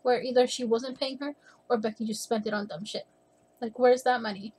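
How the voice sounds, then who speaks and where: A woman's voice: on the high side, steady tone, a little fast, dark tone, husky. A woman giving casual, opinionated reaction commentary at home, rambling a little and slightly out of breath. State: a bit out of breath. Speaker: youtuber reacting to a video. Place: at home with her cat.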